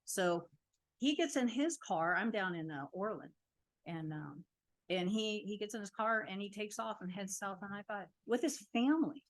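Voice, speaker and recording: Woman, public comment, animated storytelling, indignant, mid-pitched voice. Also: moderate pace. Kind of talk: public comment at a council meeting.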